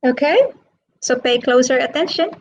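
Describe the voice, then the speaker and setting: A woman teaching an online English lesson, asking the class questions in a slow, drawn-out teaching manner. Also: high voice, highs cut off.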